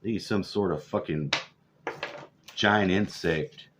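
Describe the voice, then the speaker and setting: A man's voice: low-pitched, slow pace, background noise. A man over forty, ranting profanely and sarcastically in a rambling vlog. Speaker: vlogger. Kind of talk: profane political rant. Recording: dull lo-fi audio.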